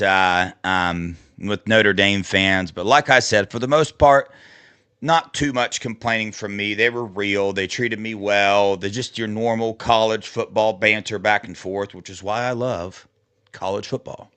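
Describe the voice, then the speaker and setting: Man, podcast co-host, bright forceful voice, rambling sports chat. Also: on the low side, measured pace, smooth. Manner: rambling, restarts and fillers, excitable.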